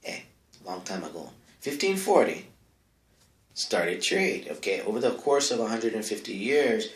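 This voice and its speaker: Man, comic advice host, low voice, rambling asides, close mic, bare echoey room. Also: expressive, moderate pace. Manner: rambling and offhand, full of asides and mic checks. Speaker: comedic advice-column host. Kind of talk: rambling comedic monologue. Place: small home studio with no insulation. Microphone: close microphone.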